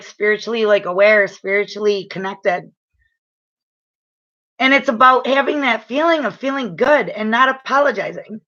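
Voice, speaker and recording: A woman giving a casual live-stream oracle card reading, rambling with lots of fillers and restarts, and getting loud and excited as she talks. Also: fairly high pitch, highs cut off. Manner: excitable and loud when enthused.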